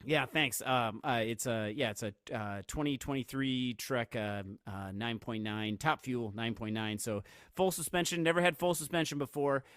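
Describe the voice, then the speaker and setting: A podcast co-host with a medium-pitched, clear, resonant, slightly bright voice talks at a moderate pace. His casual chat rambles with fillers and restarts, and he laughs easily while telling stories. The sound is clean studio audio without echo.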